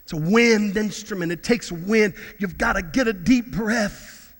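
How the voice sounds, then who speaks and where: A man's voice: high voice, measured pace, big-room sound. A middle-aged man preaching a fervent sermon as pastor, repeating words and breaking into bits of song.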